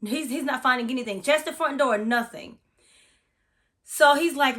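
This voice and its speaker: A woman's voice: high-pitched, normal speed, a bit bright. A woman from Florida, a massage therapist, telling a spooky personal story in a chatty, profane, dramatic way in a casual vlog.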